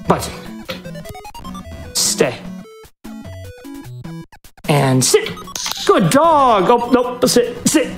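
At a live event stage, a speedrunner with a medium-pitched voice gives a dog short, coaxing commands while excitedly chatting about the run.

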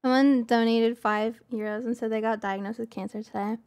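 Soft-spoken young woman streamer. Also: a little high, steady tone, fairly quick, no room sound. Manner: soft-spoken, thanks donors. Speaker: streamer host. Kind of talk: casual gaming chat.

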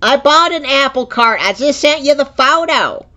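A man's voice: very high voice, animated, normal speed, sharp tone, exaggerated voice. A man voicing a flustered, easily confused older woman who rambles and repeats herself on a muffled call. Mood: confused, exasperated. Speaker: scam baiter. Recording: muffled phone-call audio.

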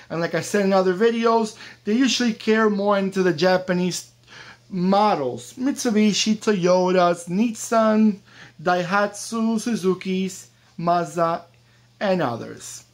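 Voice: mid-range voice, a little slow. An American toy collector reviewing a diecast model car in a casual vlog, chatty and enthusiastic, with the odd joke. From United States.

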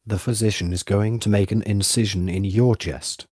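A man reading an audiobook voices a female nurse who gently pleads with her patient. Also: lowish voice, steady tone, moderate pace, no room sound, studio quality, close to an everyday voice. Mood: coaxing. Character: anxious female nurse and servant.

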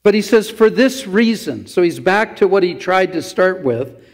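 High-voiced pastor preaching in an echoing hall. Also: male voice, expressive, normal speed. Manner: conversational preaching with asides to the congregation. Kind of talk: sermon. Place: church sanctuary. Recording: long church hall reverb.

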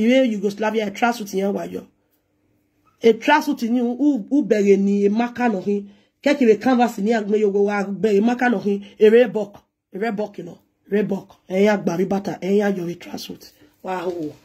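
Husky Nigerian woman ranting. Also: mid-range voice, dark tone. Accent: Nigerian Pidgin English. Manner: scolding, insulting, switches into chanted local-language lines. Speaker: presenter. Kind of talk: ranting monologue.

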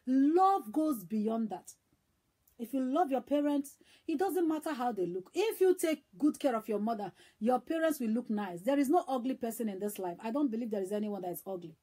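A middle-aged evangelist with a Nigerian accent preaches an emotional, fervent sermon, exhorting her listeners and repeating phrases for emphasis. Her voice is on the high side, dark in tone, with a breathy edge.

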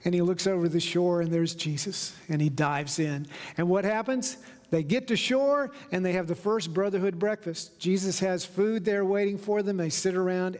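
High-voiced male pastor in a reverberant church. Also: a little mellow. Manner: storytelling preacher, slows down for emphasis. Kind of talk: sermon. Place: church sanctuary. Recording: long reverb of a church hall.

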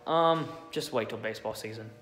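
A man ranting bluntly about his teams in a sports vlog, talking in an exasperated, animated way with frequent fillers. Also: medium pitch, brisk, faint music behind. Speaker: sports vlogger. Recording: echoey room with long reverb.

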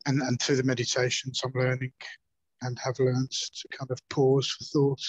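A man in a meditation course sharing a personal reflection over a video call, earnest and halting, his voice a little hoarse. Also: medium pitch, monotone, no room sound. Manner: halting, many fillers and restarts, earnest. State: slightly hoarse. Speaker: course participant. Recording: dull, dry lo-fi call audio.

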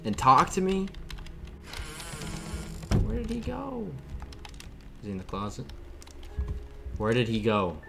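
A man's voice: medium pitch, wildly swooping pitch, slow pace, gravelly, pauses often. A man hosting his own gaming channel, giving casual let's-play commentary and joking back at the game's characters. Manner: jokey, talks back to game characters. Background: game music.

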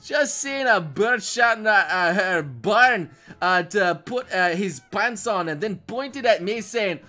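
A man's voice: sits high, lively intonation, slow, sharp tone, soft background music, full character voice. A man putting on a Scottish accent to voice a crude, rowdy lad reading out chat messages, swearing and laughing through them. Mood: mocking. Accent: put-on Scottish. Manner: sweary, laughing, exaggerated brogue.

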